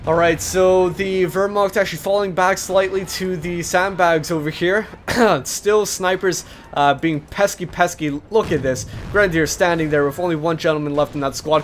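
A young man commenting on a strategy game replay, chatty and explanatory, with lots of filler words and sudden excited outbursts. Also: high-pitched, moderate pace, hardly any pauses, a little hiss or hum.

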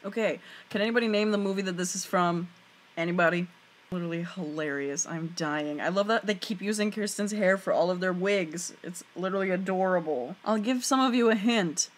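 A woman opera singer giving casual, excitable reaction commentary on a music video at home. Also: lowish voice, brisk. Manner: excitable, laughing, exclamatory.

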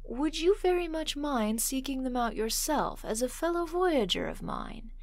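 A woman's voice: sits high, animated, unhurried, no room sound, voice pushed up. A woman voicing a petulant, timid young male suitor in a storybook reading, pleading and fussy.

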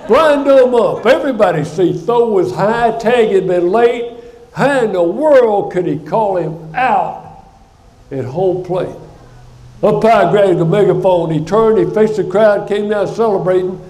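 An older man preaching a sermon in a church, telling a story with animated energy. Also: sits high, measured pace. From United States. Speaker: guest speaker. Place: church sanctuary. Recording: echoey church sanctuary.

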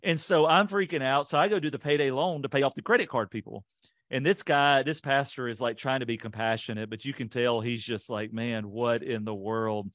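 A man in a podcast interview, recounting his own past with animated, self-mocking energy. His voice sits at an ordinary middle pitch and speeds up in bursts as he retells what was said. The recording is close and dry, with no room sound. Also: dry recording. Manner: animated, self-deprecating storyteller; quick, lively retelling with voiced quotes. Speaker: podcast guest. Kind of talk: casual storytelling interview.

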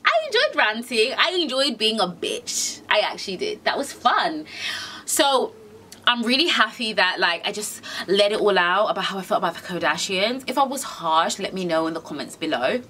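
A woman's voice: medium pitch, sing-song, normal speed, sharp tone, a little hiss or hum. A young woman ranting casually to camera, sassy and slangy. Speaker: vlogger.

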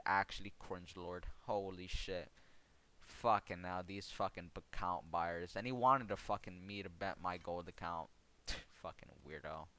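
Young man, deep voice, sarcastic profane gaming rant, mocking storytelling. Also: fairly bright tone. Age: young adult. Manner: sarcastic, swears constantly. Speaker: streamer.

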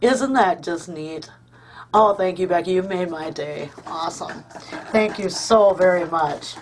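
A woman's voice: on the low side, a little slow, noisy background. Chatty woman gushing over craft mail. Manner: gushing, chatty, many ums and uhs. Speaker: crafting channel host. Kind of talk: casual chatty craft vlog.

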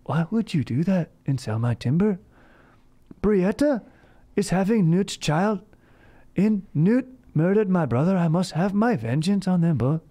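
A man's voice: sits high, big pitch swings, a little slow, dark tone, pitched above the performer's own voice, heavily acted. A man putting on the voice of a condescending medieval warrior lord with stiff, archaic speech. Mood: aggrieved vengeful.

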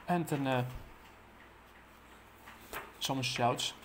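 Man, flat delivery, halting comic recap with lots of "uh"s, faint background hiss. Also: mid-range voice. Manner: halting, full of "uh" fillers and restarts. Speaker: comic book reviewer. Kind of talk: casual plot recap.

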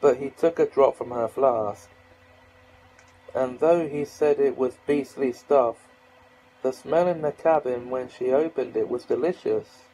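A male reader narrating a children's novel. He takes his time with every phrase, his voice dark and mellow. The delivery is steady and measured, like bedtime storytelling. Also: medium pitch, breathy edge, rough recording. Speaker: audiobook reader. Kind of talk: reading a novel aloud.

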